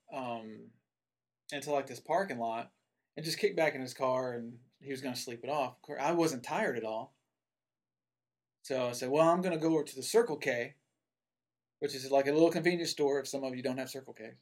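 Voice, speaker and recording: A man's voice: mid-range voice, normal speed. Rambling man telling a story. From Tennessee. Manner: rambling, with many asides and fillers. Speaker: guest telling a personal story. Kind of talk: casual storytelling.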